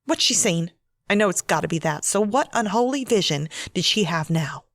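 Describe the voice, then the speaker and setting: A woman voicing a fearful, harsh wife and mother who speaks in a sharp, scolding way. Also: medium pitch, animated, normal speed, no echo, studio quality.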